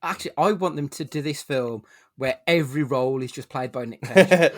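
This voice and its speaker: A man's voice: a little high, moderate pace, dry recording, clean studio sound. A man hosting a casual film podcast, joking and swearing freely while he leads the chat. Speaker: podcast host.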